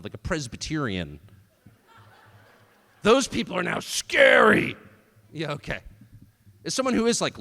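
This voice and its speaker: Animated, mocking man in an echoey hall. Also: medium pitch. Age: middle-aged. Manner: animated, sarcastic, mocking, with short laughs. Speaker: speaker at a political event. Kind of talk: live speech to an audience.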